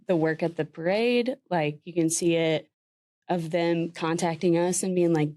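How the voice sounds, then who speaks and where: A woman's voice: lowish voice, a little mellow. A woman, a podcast guest talking earnestly and casually with many "like" fillers. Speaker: guest, former communications manager. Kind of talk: casual interview chat.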